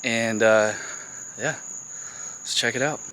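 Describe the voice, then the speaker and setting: A young man in his twenties casually telling a fitness vlog story, excited and rambling, outdoors near a road. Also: medium pitch, slow. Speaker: fitness vlogger. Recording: noisy outdoor phone recording.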